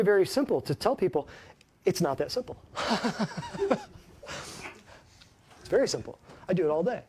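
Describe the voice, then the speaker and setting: A man's voice: sits high, a little mellow. A man who works as a chiropractor, giving a folksy, emphatic health talk to a small live audience and keeps asking them questions.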